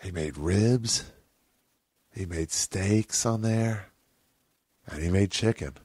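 A man's voice: low voice, slow pace, darkish tone, breathy edge, no room sound, clean studio sound. A man hosting a podcast, telling a long rambling story in casual, profane talk, often correcting himself mid-sentence. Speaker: podcast host.

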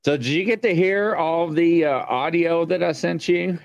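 A man with a Southern US accent hosting a talk show, chatty and lively. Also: a little high, moderate pace, vocal fry, no room sound. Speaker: host.

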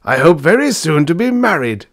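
A man voicing a hearty, testy elderly male professor who blusters and shouts in high spirits. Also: very animated, normal speed, no room sound, studio quality. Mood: boisterous.

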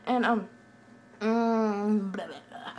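A young woman chats to her viewers in a scattered, giggly rush, hopping between topics. Her voice sits at a middling pitch for a woman, with a faint hiss of background noise. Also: steady tone, slow pace, darkish tone. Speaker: vlogger. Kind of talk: casual hyper rambling chat.

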